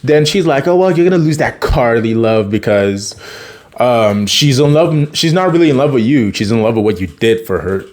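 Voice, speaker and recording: A man's voice: mid-range voice, expressive, normal speed, a little mellow. A man casually retelling a TV episode, chatty, laughing often and acting out the characters' lines. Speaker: TV episode recapper.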